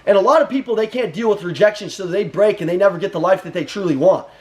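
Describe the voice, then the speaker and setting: Casting: young male sales trainer, high voice, intense, blunt and profane, punchy repeated commands. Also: fast, a little mellow. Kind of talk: motivational sales pep talk.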